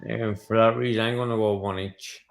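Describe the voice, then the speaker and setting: A man's voice: fairly low pitch, steady tone, fairly quick, creaky. A man on a football fan panel giving blunt predictions, swearing casually and calling people mate. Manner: blunt, swears freely, matey. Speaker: panel guest. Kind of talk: casual chat.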